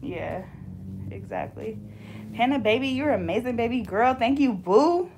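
A woman's voice: fairly high pitch, very animated, a little slow, noisy background. A woman chatting casually with a client while braiding hair, slangy and talkative, reading viewer comments aloud. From Bay Area, California. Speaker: hair braider and channel host.

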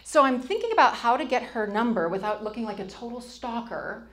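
A woman's voice: on the high side, a little fast. A middle-aged woman, giving a storytelling stage talk and acting out the voices she quotes. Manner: animated, acts out quoted voices. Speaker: speaker.

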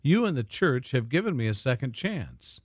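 A man voicing a frightened, homeless young man in his twenties who speaks quietly and hesitantly in a storybook narration. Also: mid-range voice, sing-song, normal speed, husky, no echo, clean studio sound. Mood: earnest.

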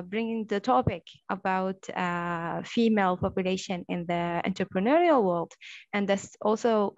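A woman's voice: medium pitch, creaky, dry recording. A woman moderating an online workshop who speaks hesitantly, with many fillers. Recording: dry, dull lo-fi call audio.

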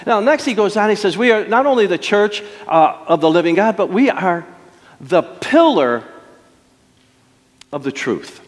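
A middle-aged pastor preaching in a church, his fairly high voice swinging widely between hushed and emphatic. He tells stories with dramatic pauses, and the words ring out in a long church reverb. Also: big pitch swings. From Detroit. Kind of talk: sermon. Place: church sanctuary.

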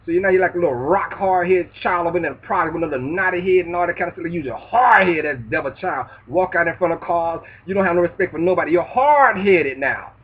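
Man, preachy profane rant, raised pitch, tinny recording picked up from afar, faint hiss. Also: quick pace, few pauses. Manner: loud, preachy, profane street talk. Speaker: vlogger. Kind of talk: ranting monologue. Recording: distant tinny phone-like sound.

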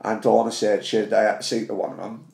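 A man's voice: lowish voice, flat delivery, quick pace, creaky, darkish tone, roomy sound. A man with a Swansea accent, hosting a podcast and telling sweary stories in casual chat. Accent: Welsh, Swansea. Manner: sweary storytelling, quotes others. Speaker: podcast host.

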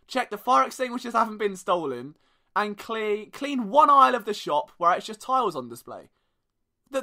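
A young man hosting a sports podcast, telling stories in a sarcastic, joking way. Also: high voice. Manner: animated, sarcastic storytelling. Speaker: podcast host. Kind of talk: casual sports podcast monologue.

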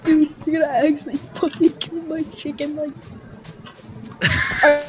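A woman's voice: high-pitched, monotone, unhurried, long pauses, music in the background. A woman chatting and swearing with friends while playing a game. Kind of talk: casual gaming chat with friends. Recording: very noisy gaming voice chat.

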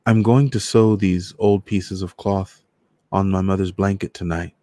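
A fierce young woman who speaks her mind, read by a man. She stays indignant and earnest, the low voice sitting close and dry with no room around it. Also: fairly even intonation, measured pace, warm tone, no echo. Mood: pleading.

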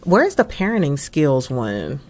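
A woman's voice: low voice, very animated, unhurried, a little mellow, slight background noise. Young woman chatting thru her game, slangy, voice jumps around a lot. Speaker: gaming video creator. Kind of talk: casual gameplay commentary.

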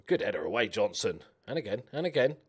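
Animated man narrating a game. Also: lowish voice, fast, slightly rough. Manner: chatty, animated, cheers on the players. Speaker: gaming YouTuber. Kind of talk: casual let's-play commentary.

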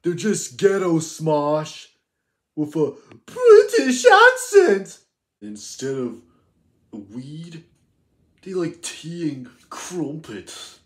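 A man's voice: on the high side, huge pitch swings, very slow, heavily acted. A man playing a cocky, scornful teenage boy in a fan parody roast, mocking and name-calling. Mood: ranting.

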